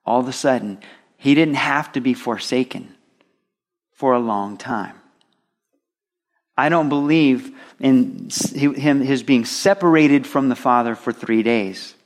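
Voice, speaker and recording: A man preaching a sermon, swinging between emphatic loud stresses and soft drops. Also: mid-range voice, a little slow.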